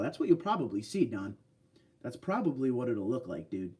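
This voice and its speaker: A man's voice: medium pitch, very animated, normal speed, a little mellow, far from the mic. A man hosting a casual livestream, chatting loosely and answering viewer comments. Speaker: livestream host. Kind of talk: casual live stream chat.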